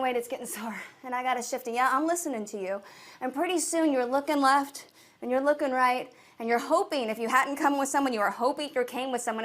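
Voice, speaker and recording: A woman hosting a live stream, coaching viewers on making videos in a playful, animated way and greeting them directly. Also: high-pitched. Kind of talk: lively live-stream talk. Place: home setup with two cameras.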